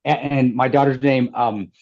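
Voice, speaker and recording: A man's voice: mid-range voice, fairly even intonation, moderate pace, creaky, dull audio. A middle-aged man from the American Midwest, telling a story as an interview guest, rambling with restarts and laughter. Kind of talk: casual storytelling.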